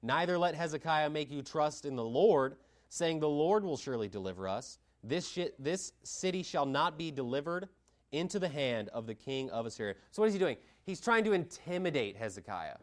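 A man preaching a sermon, reading scripture aloud and stressing points with sharp rises in pitch and volume. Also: animated, fairly quick. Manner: emphatic, dynamic pitch swings, reads scripture aloud.

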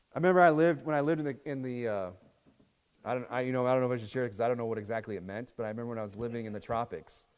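A man's voice: medium pitch, a little mellow. Conversational male preacher in a reverberant hall. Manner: conversational preaching with asides and tag questions; reads scripture aloud in King James wording. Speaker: pastor. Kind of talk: sermon.

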